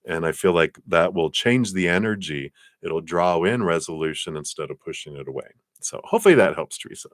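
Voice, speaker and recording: A man's voice: animated, a little fast, hardly any pauses, no echo, clean studio sound. A man doing tarot card readings on a live stream, talking in a loose, spiritual way with many fillers. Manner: acts out quoted voices with big pitch jumps.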